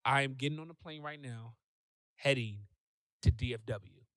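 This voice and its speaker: A man, a guest on a talk show, telling a personal story in a lively way and acting out what people said. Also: mid-range voice, normal speed, smooth, no room sound. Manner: animated, acts out quoted voices. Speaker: podcast guest.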